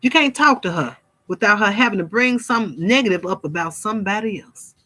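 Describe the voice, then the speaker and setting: A fervent woman with a lilt delivers a casual spiritual sermon to her viewers. She talks straight at them in a mid-pitched voice, calling them y'all. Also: lively intonation, brisk, pushed and bright. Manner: fervent, addresses viewers as y'all, mimics gossip. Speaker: spiritual vlogger. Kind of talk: casual preaching monologue to viewers.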